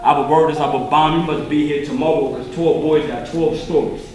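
A man's voice: on the high side, steady tone, moderate pace, a little mellow. A man giving a guest talk as a spoken word poem, reciting with rhythmic emphasis. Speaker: guest speaker. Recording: echoey room with faint music.

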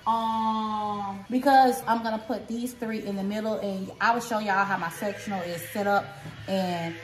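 A woman vlogger showing off a shopping haul in a casual, chatty way, talking straight to her viewers at home. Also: medium pitch. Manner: chatty, talks straight to viewers with lots of "y'all". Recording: roomy echo.

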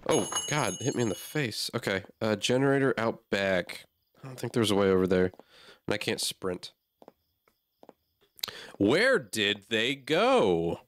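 Jumpy swearing gamer guy, lively pitch. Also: unhurried, long pauses. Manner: jumpy, swears a lot, reacts aloud. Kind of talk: horror game commentary.

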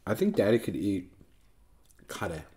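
Easygoing man in his thirties, slow and mellow, chatty family vlog host, lively intonation. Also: medium pitch, a little hiss or hum. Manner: gentle, patient, talking to a child between bites. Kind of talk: casual family chat while eating.

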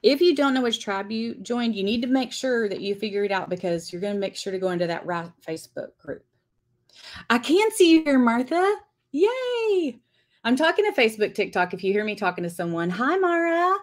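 A woman's voice: fairly high pitch, animated, brisk. A woman teaching a live-streamed lettering class, chatting and greeting viewers by name as she writes.

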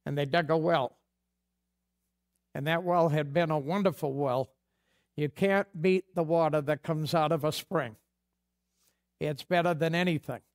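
Folksy high-voiced pastor preaching. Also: male voice, fairly even intonation, a little slow, pauses often. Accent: New England. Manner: folksy and conversational, acts out dialogue. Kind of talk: sermon.

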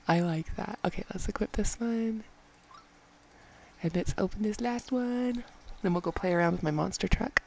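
At home late at night, a female game vlogger gives excited commentary on her gameplay, repeating phrases and frequently sinking into a hushed whisper so she won't wake anyone. Her voice sits in the mid-range and carries vocal fry.

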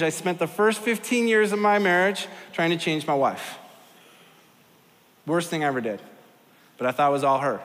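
Middle aged guy pastor preaching casual in a big church, voice a bit high, long echo tail. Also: expressive, normal speed, a bit bright. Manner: conversational, self-deprecating preaching with acted asides. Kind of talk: sermon. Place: large church auditorium. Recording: long hall reverb.

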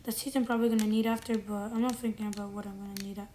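A woman's voice: mid-range voice, little pitch movement, racing. A woman giving casual commentary while playing a game, rambling and correcting herself as she thinks aloud. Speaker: gamer. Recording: loud background noise with clicks.

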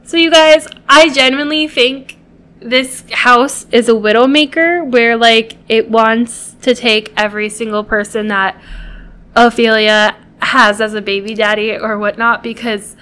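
Brief: high-pitched woman, unhurried gameplay commentary, chatty and pleading with her game characters. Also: steady tone, sharp tone, clear, resonant tone. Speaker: gameplay video host.

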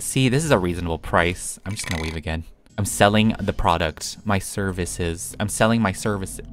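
A man's voice: deep voice, fairly quick, fairly bright tone, faint music behind. A young man giving playful, chatty gameplay commentary, talking to himself as he plays and giggling often. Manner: chatty and giggly, talks to himself while playing. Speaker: gaming YouTuber.

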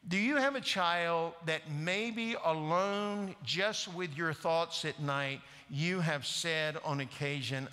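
A man's voice: on the high side, takes it slowly, few pauses, pushed and bright, in a large hall. A man preaching a sermon in a church, earnestly and directly questioning the congregation. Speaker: guest preacher. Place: church sanctuary.

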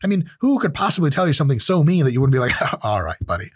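Man, podcast host, casual joking monologue, husky, dry close mic. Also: on the high side, rapid-fire, no echo. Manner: profane, animated, joking.

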